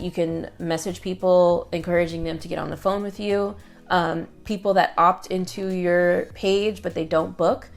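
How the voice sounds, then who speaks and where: A woman's voice: on the low side, gravelly. A woman talking to camera in a casual vlog, chatty and upbeat, with lots of fillers and quoted asides. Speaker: online business creator.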